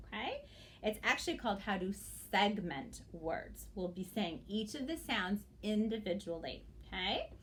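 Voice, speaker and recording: Woman, teacher, phonics lesson for young children, slow, sing-song, animated pitch. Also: a little hiss or hum.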